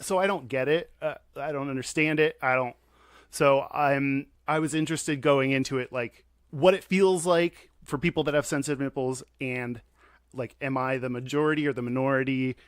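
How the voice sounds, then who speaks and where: A man's voice: mid-range voice, steady tone, moderate pace, clean tone, no room sound, studio quality. A male podcast co-host in casual chat, giggly and rambling, with stumbling restarts.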